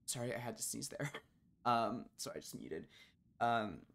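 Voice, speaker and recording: A man streaming a colony-building game, chatting and reading out game text, quickly exasperated with his colonists, swearing and then apologizing. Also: mid-range voice, animated, gravelly, fairly bright tone. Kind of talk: casual gameplay commentary.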